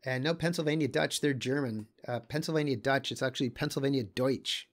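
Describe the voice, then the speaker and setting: Halting, casual man. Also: mid-range voice. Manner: thinks aloud, halting, with many fillers and small asides. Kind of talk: casual lecture commenting on maps.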